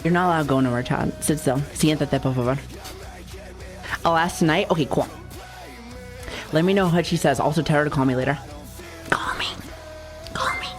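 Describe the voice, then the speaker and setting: Young woman streaming, low voice, jokey and chatty, swears a lot, faint music behind. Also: fairly quick, long pauses. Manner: playful, joking, swearing, chatty with viewers. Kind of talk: casual livestream chat.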